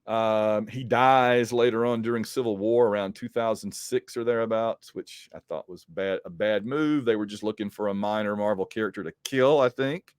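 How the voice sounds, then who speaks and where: A man's voice: lowish voice, moderate pace, hardly any pauses, smooth, dry recording, clean studio sound. A man casually recapping a comic book story as a podcast host, rambling with frequent ums and self-corrections.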